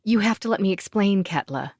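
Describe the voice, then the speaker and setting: A woman's voice: medium pitch, lively intonation, fairly quick, darkish tone, dry recording, studio quality, voice pushed up. A woman voicing an earnest young princess and former warrior monk in an audiobook, speaking in a pleading, soothing way.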